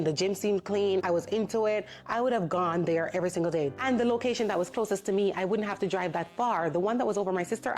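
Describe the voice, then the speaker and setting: A woman vlogger telling a story in a casual, indignant way, acting out the people in it. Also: mid-range voice. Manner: animated, indignant retelling with quoted voices.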